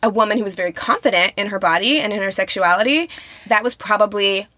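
Woman, young adult, podcast co-host, bright tense voice, dry close sound, chatty. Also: mid-range voice, quick pace, dry recording. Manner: chatty, rambling with fillers. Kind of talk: casual chat.

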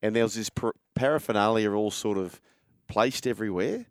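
A man's voice: fairly low pitch, fairly quick, dry recording, clean studio sound. Chatty male radio host. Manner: chatty, anecdotal, footy talk. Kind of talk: casual radio chat.

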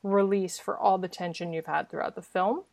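A woman's voice: mid-range voice, fairly even intonation, moderate pace, creaky, darkish tone, dry recording. Dry-voiced woman chatting casually. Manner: rambling, filler-heavy, swears casually. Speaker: podcast co-host. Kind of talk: casual film discussion.

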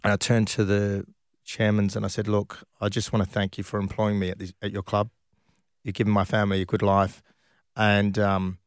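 A man's voice: on the low side, no echo, clean studio sound. A man, a former footballer telling stories casually in an interview, often laughing as he goes. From Australia. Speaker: former professional footballer, guest.

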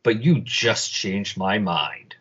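A man voicing a vengeful villainous woman who taunts and sneers, in his own husky voice, on a dull lo-fi recording. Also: on the low side, lively intonation, takes it slowly, fairly bright tone, voice pushed down, heavily acted. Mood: taunting.

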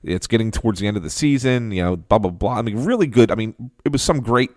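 A man with a lowish voice settles into a casual podcast story, restarting sentences and spinning the anecdote with energy. The sound is close and dry, with no room around it. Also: quick pace, dry recording. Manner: animated anecdotal storyteller, frequent restarts and laughs. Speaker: podcast co-host.

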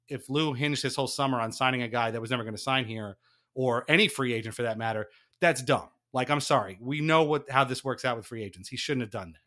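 A man hosting a casual sports podcast, ranting with frequent laughs. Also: mid-range voice. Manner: animated, ranting, laughs often. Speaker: podcast host.

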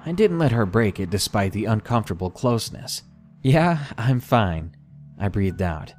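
A man narrating a scary first-person story for a podcast, measured and deliberate. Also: fairly low pitch, a little mellow. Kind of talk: scripted horror story narration.

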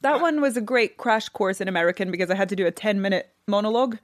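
A woman's voice: medium pitch, dry recording, studio quality. Playful Scottish woman guest. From Scotland. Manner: playful, quick-witted, laughs easily. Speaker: actress guest. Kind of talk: casual interview chat.

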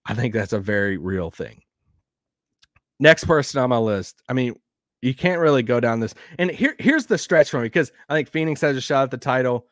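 A man's voice: medium pitch, normal speed, no room sound. Man, southern accent, casual sports podcast host, rambling, chatty, dry close sound. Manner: rambling, animated, laughs often.

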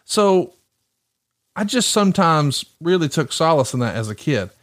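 Co-hosting a laid-back wrestling podcast, this middle-aged Southern man from Alabama talks a little slowly in a fairly high, very animated voice. He's eager and playful with his teasing, and he swears now and then.

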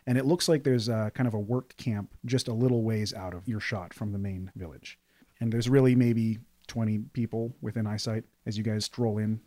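A man narrating scenes as game master of a tabletop game, steady and descriptive. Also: fairly low pitch, moderate pace, dry recording.

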